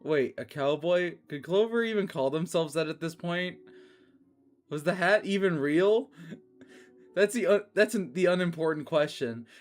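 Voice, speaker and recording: A woman's voice: fairly low pitch, animated, measured pace, faint music behind. Incredulous swearing woman reading fanfiction. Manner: incredulous, swears often, breaks into laughter. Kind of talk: comedic read-aloud with reactions.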